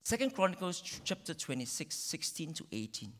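A male pastor preaching a sermon, dramatic, with sudden loud peaks and drawn-out phrases. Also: on the high side, sing-song. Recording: long reverb of a large hall.

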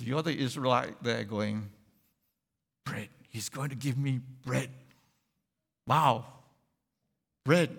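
A man delivers a sermon at an unhurried pace and asks the congregation questions as he goes. His voice has a gravelly edge. The sound carries a long hall reverb. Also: medium pitch. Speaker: preacher.

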